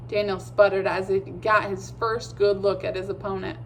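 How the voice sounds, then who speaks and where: A woman narrating a children's chapter book with a steady, measured reading. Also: medium pitch, a little hiss or hum, low-quality recording. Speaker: audiobook reader. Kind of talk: storybook narration.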